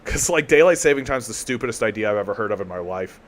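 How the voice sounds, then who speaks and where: A man's voice: on the low side, animated, very fast, a little hiss or hum. A man hosting a live political commentary stream, talking casually and sarcastically, swearing freely and often restarting his sentences. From Canada.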